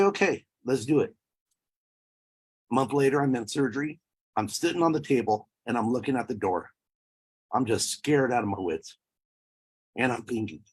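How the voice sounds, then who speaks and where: Man, personal testimony, emotional, husky voice, mid pitch. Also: moderate pace, pauses often. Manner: emotional, voice breaking at times. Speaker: speaker sharing a personal story.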